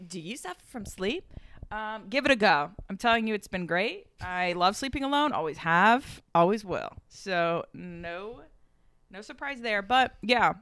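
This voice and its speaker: A young woman co-hosting a podcast from home in casual chat, joking with quick asides. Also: medium pitch, expressive, a bit bright, clear, resonant tone, dry recording, studio quality. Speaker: podcast co-host.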